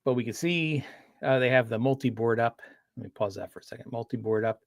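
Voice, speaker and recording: A man's voice: mid-range voice, brisk, no echo, clean studio sound. A man chatting casually on a livestream, rambling with frequent restarts and fillers. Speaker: streamer.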